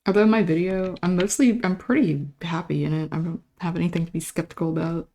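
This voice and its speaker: A woman livestreaming while drawing, with a sore throat, chatting casually, giggling often, greeting and thanking viewers, sometimes dropping into soft whispers. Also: on the low side, steady tone, brisk. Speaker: livestreaming artist. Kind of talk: casual stream chat.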